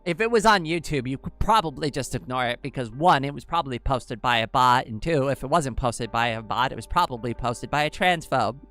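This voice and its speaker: A woman's voice: very deep voice, lively intonation, a little fast, hardly any pauses, a bit bright, soft background music. A young woman with an androgynous-sounding voice, chatting casually with her livestream viewers and rambling with lots of fillers. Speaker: livestream host. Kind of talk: casual livestream chat, answering chat.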